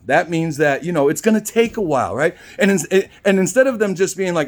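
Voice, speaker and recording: A man's voice: high voice, lively intonation, fairly quick, few pauses. A man with a slightly raised voice tells a story in a loose, conversational way. He is a barber who rambles and often tacks on "right?". He voices both himself and the other person in the tale. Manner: rambling, with frequent tag questions; acts out both sides of the story. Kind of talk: casual storytelling.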